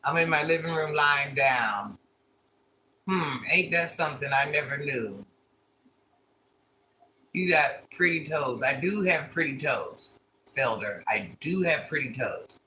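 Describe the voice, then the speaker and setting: A woman of about fifty hosts a loose livestream from her living room. She reads viewer comments off her phone and teases them, and she likes to say the same line twice. Her voice is bright and sharp, with a faint hum of room noise behind it. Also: low-pitched, lively intonation, unhurried, long pauses. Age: around fifty. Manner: chatty and teasing, repeats lines playfully, calls herself Granny. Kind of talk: casual livestream chat, reading viewer comments aloud.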